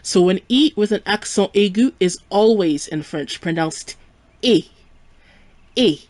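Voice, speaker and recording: A woman teaches a live-streamed French lesson with a patient, clear delivery. Her pitch sits in an ordinary middle range, and she slows down deliberately to pronounce example words. The recording is dry and close, with no room sound. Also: darkish tone, dry recording.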